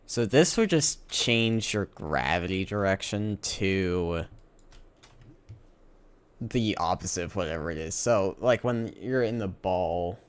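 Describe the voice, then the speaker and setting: A sleepy man streams himself coding a game and talks through his thinking at an unhurried, drawn-out pace. His voice sits somewhat low, and he often trails off and corrects himself. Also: expressive, clean tone. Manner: thinks aloud, halting, self-correcting. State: sleepy, yawning. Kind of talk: casual live-stream coding talk.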